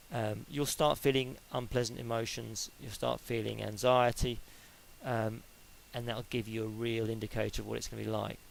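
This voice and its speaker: A middle-aged man talks through a sport psychology lecture in a relaxed, chatty way, laying out each step with homely examples. His voice has a gravelly, creaky edge and sits at an ordinary middle pitch. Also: rough recording. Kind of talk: informal spoken lecture.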